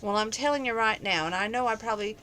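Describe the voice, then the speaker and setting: A woman's voice: a little high, fast, a bit bright, a little hiss or hum, natural voice. A woman reading as a tender young rancher. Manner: earnest, tender. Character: lovestruck young man, a rancher.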